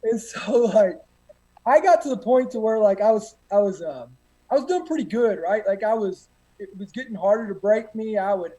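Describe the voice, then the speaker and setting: A man's voice: high-pitched, lively intonation, moderate pace, warm tone, poor audio. A man, a guest telling boot camp stories in a rambling, profane way with many fillers. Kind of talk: casual storytelling.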